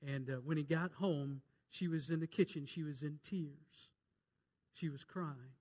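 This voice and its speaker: At a measured pace and with a steady tone, a man preaches fervently in a high, bright voice. His sermon cites scripture and includes jokes, shifting from loud urgent calls to hushed pleas.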